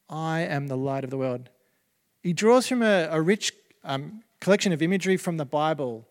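A man's voice: on the high side, animated, moderate pace, big-room sound. A man preaching a sermon as pastor, conversational, with many fillers and restarts.

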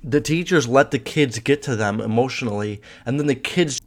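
A man's voice: mid-range voice, normal speed. Profane rambling young man. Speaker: podcast host. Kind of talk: casual chat.

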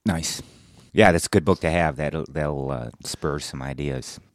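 A man's voice: a bass voice, a little slow, no echo, clean studio sound. A man co-hosting a diving podcast in casual chat, cracking jokes and bantering. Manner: joking, wisecracking banter. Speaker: podcast co-host.

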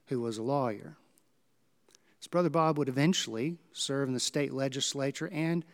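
A male pastor, preaching a sermon and telling stories with dramatic swings in pitch and volume.

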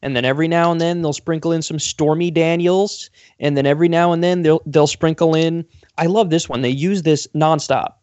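A man's voice: a little high, steady tone, fairly quick, few pauses, darkish tone, dry recording. Ranting sarcastic male talk host. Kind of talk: political commentary talk show.

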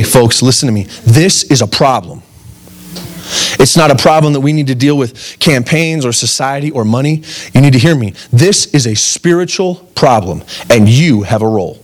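A man's voice: mid-range voice, slight background noise. A man in his thirties preaching a sermon in an earnest, conversational way, putting direct questions to his listeners. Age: 30s. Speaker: pastor.

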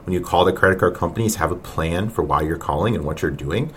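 Male podcast host, deepish voice, mocking and exasperated, faint noise behind. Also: quick pace. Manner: mocking, exasperated, laughs often. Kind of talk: reaction commentary podcast.

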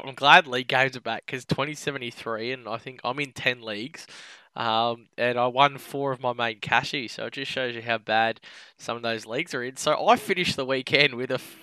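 A man bantering on a casual podcast, quick to poke fun at himself. His voice is very bright and crisp, and it sounds smooth. The recording is dry and close. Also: mid-range voice, no echo. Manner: jokey, self-mocking banter. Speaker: podcast co-host. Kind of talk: casual sports podcast chat.

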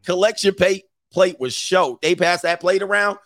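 Gravelly, joking man hosting. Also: high-pitched, moderate pace, few pauses, fairly bright tone, no room sound, clean studio sound. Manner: profane, joking, laughs often. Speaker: host. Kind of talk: casual commentary.

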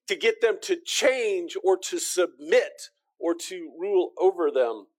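A man preaching a sermon, earnest and direct with the congregation, often repeating words and swinging from emphatic peaks to soft, quiet lines. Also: medium pitch. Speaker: pastor.

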